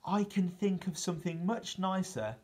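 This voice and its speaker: A man's voice: sits high, animated, normal speed. A man doing a nervous whispering boy. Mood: nervous pleading. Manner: nervous, hushed. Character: nervous young boy, quick-witted.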